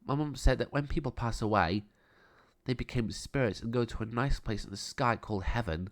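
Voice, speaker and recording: A man's voice: medium pitch, a little fast, lightly acted. A man voicing a friendly, caring young man in a storybook reading, in an easygoing, everyday voice. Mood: gentle.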